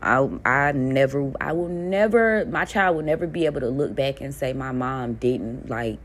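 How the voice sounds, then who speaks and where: A woman's voice: extremely low pitch, normal speed, a little hiss or hum. A woman in her thirties telling her story in a casual monologue, blunt and profane, laughing between lines. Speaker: spiritual content creator.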